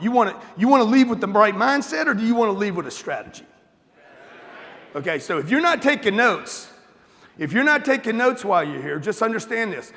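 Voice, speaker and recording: A man's voice: high-pitched, fairly bright tone. A man from the United States giving a blunt, profane motivational talk to a live audience in a large hall, rousing the crowd with questions. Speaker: motivational speaker. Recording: long reverb of a large hall.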